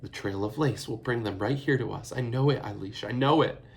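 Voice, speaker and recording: A man voicing a brave young girl who speaks to her little sister urgently but calmly. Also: mid-range voice, brisk, creaky, natural voice. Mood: comforting. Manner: urgent yet calm. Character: brave older sister girl, steady and comforting.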